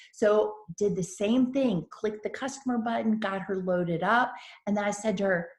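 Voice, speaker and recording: A woman's voice: medium pitch, steady tone, moderate pace, darkish tone. Echoey, upbeat woman. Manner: storytelling, acts out dialogue; enthusiastic, addresses audience as y'all. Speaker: sales trainer. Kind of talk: motivational training talk. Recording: echoey room.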